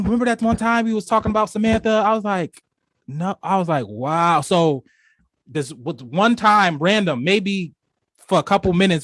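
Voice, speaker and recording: A young man with a fairly high voice tells a story on a casual podcast. He rambles and restarts often, leaning on filler phrases as he goes. The sound is dry and close. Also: fairly bright tone, no room sound. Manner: rambling, full of "you know" and restarts. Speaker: podcast co-host.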